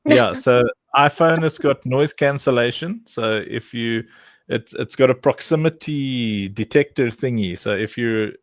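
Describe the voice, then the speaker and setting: A man's voice: mid-range voice, measured pace, dry recording. A man hosting a livestream, joking and teasing his guests in casual group chat. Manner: joking, teasing, laughs often. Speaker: livestream host.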